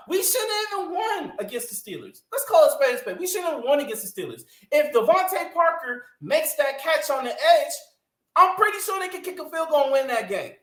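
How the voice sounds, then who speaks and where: A woman on a sports podcast, one of its co-hosts, launches into a fiery, emphatic rant laced with cussing. Her voice is very high, expressive, a bit bright and a little fast. The recording has room echo.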